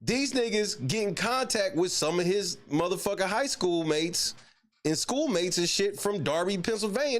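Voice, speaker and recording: A man with a high voice that swings widely in pitch, hosting a casual reaction show. He curses freely and keeps breaking into laughter as he talks. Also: animated, moderate pace. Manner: loud laughing, profane, swaying between high and low pitch. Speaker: show host.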